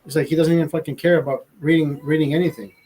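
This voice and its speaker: Male streamer, voice a bit high, loose profane rambling, stammers and restarts, casual chat to viewers. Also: steady tone, fast talker, darkish tone, husky, rough recording. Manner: laughs at own jokes. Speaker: livestream host.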